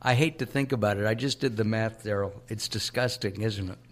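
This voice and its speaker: A man's voice: on the low side, fairly quick. A middle-aged man from Southern California hosting a radio talk show, chatty and joking, with lots of filler uhs.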